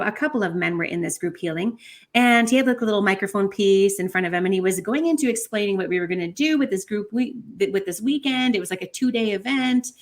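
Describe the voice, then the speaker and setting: A woman, a podcast guest, telling a personal story in an animated way with many fillers. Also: medium pitch. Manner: animated, many fillers like 'like' and 'you know'.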